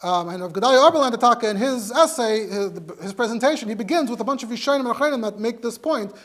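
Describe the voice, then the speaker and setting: High-voiced rabbi teaching a class. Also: male voice, lively intonation, fast talker, fairly bright tone. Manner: explanatory, mixes Hebrew and Yiddish terms into English. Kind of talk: Torah lecture.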